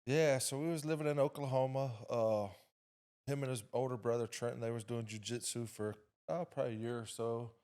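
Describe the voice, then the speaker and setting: A man's voice: medium pitch, fairly even intonation, fairly quick, darkish tone, clean tone. A middle-aged man, a guest on a podcast, telling a story in a laid-back way with lots of "uh" fillers. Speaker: guest, boxer's father. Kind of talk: casual interview.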